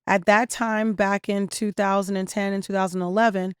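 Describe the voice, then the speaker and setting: Smooth-voiced woman telling her story. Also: mid-range voice, moderate pace, no echo, clean studio sound. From New York and New Jersey area. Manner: animated storyteller, acts out quoted voices, many "um"s. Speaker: restaurant owner and founder, guest. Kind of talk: interview storytelling. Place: her restaurant.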